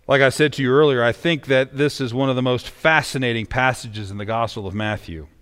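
A man's voice: medium pitch, fairly even intonation, a little fast, few pauses, fairly bright tone, clean tone. Preaching man in a reverberant sanctuary. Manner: reads scripture then preaches conversationally with emphatic inflection. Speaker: pastor. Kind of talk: sermon.

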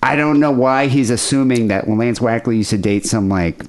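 A man's voice: mid-range voice, fairly quick, a little hiss or hum. A man hosting a podcast, chatting casually with crude, loose banter. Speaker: podcast host. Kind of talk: casual chat.

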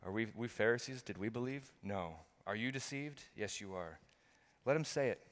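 A man's voice: medium pitch, lively intonation, normal speed. Middle-aged male pastor preaching in a reverberant church hall. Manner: earnest, emphatic preaching with many restarts and swings from loud to quiet. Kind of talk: sermon.

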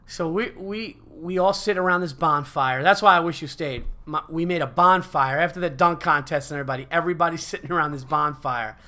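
A man's voice: a little high, a little fast, few pauses. A man hosting a podcast, telling a story in a casual, rambling, profane way. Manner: animated, profane, rambling with fillers. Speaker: podcast host.

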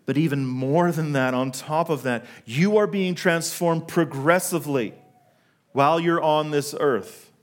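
A middle-aged man preaching a sermon to a congregation, telling a story from his own working life and slowing down to stress key words. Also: on the high side. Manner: storytelling, asks the congregation questions, slows for emphasis. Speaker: pastor.

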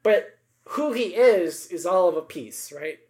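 Animated, emphatic man in political chat. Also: high-pitched, measured pace. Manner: animated, emphatic, many asides and tag questions.

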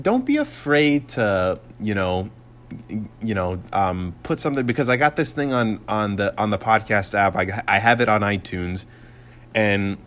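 A man in his twenties hosting his own podcast, talking in a profane, sarcastic, rambling rant full of fillers and restarts. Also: fairly low pitch. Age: 20s. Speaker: podcast host and comedian.

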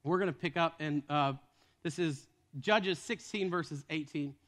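A man's voice: a little high, a little slow, a bit bright. A man preaching a sermon as a retold story, casual in tone with joking asides.

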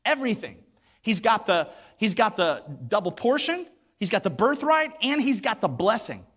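A man's voice: high-pitched, very animated, moderate pace, a bit bright, breathy edge. A man preaching a sermon, retelling a story with acted voices and emphatic repetition. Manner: emphatic, repeats words for weight. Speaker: pastor.

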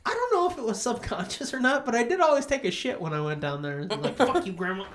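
A man hosting a podcast in casual chat, profane and teasing, telling stories with shrill impressions of his mother. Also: wildly swooping pitch, quick pace, a bit bright, slight background noise. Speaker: podcast host.

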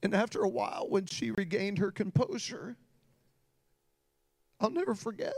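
A man's voice: high-pitched, moderate pace, vocal fry, long pauses, darkish tone. A man, a pastor, preaching a sermon and telling a personal story with growing intensity. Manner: storytelling with rising emotional intensity.

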